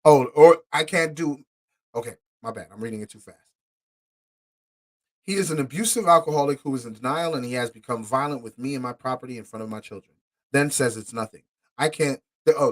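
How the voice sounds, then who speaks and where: A man hosting a podcast, angrily commenting on court documents he reads aloud, profane and indignant, stumbling over words and swinging from muttered asides to loud outbursts. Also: mid-range voice, a little fast. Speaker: podcast host.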